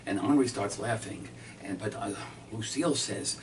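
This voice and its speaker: A man telling a comic story as a magician, with halting, deadpan delivery full of fillers. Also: lowish voice. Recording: distant mic, faint background noise.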